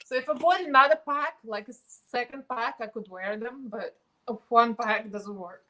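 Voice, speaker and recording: Bright-voiced woman chatting on a makeup livestream. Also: on the high side, normal speed, poor audio. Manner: chatty, laughs often, coos baby talk to her pet. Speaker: beauty livestream host. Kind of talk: casual livestream chat.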